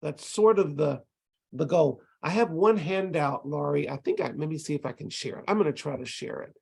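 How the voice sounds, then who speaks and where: Fairly high in pitch yet darkish in tone, this man's voice carries vocal fry and some roughness at a moderate pace. He's an ESL instructor lecturing tutors over a video call, explaining step by step and tapping rhythms with syllables.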